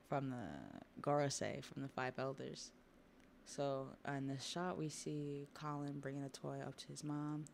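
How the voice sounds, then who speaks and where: A woman hosting a livestream, chatting casually about a manga while drawing, with relaxed asides to her viewers. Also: a bass voice, gravelly, a little hiss or hum. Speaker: livestream host.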